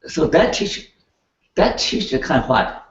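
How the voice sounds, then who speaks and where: An older man lecturing a class in an animated way, laughing and checking in with his students as he goes. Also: fairly high pitch, unhurried. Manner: animated, laughing, keeps asking the class "right?". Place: lecture room. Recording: echoey, distant, dull room recording.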